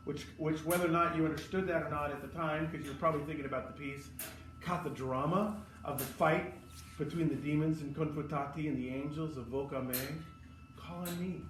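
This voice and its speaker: A man's voice: fairly high pitch, fairly bright tone, slight background noise. A man teaching choral conducting, giving feedback and singing short phrases to demonstrate. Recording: roomy hall, from a distance, with music.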